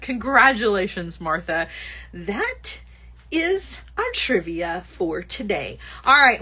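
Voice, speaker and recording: A woman's voice: mid-range voice, pushed and bright. A woman hosting a casual livestream product showcase, chatty and bubbly, laughing often and gushing over small items. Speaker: host.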